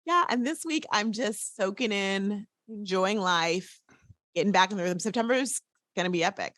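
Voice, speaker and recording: A woman's voice: mid-range voice, normal speed, a bit bright, no room sound, clean studio sound. A woman hosting a podcast, chatting casually, rambling and giggling. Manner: giggly, rambling, says y'all. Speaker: podcast host. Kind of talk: casual chat.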